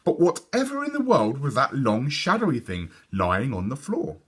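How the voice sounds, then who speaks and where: A man reading a children's book aloud in a lively, expressive storytelling voice. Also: medium pitch, moderate pace, slightly rough. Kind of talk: children's read-aloud narration.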